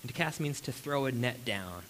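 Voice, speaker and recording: Guy preaching to a room full of people, mid-pitched voice, animated, asks lots of questions, faint hiss behind. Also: normal speed, poor audio. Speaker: pastor. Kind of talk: sermon. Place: room with a congregation.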